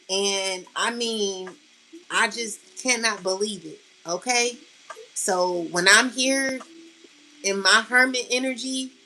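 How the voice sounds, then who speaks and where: A woman's voice: medium pitch, pushed and bright, slight background noise, poor audio. A woman tarot reader speaking to her viewers in a passionate, blunt monologue, swearing freely and close to tears. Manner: passionate, blunt, swears freely, calls listeners "collective" and "baby". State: near tears. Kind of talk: emotional spiritual monologue to viewers.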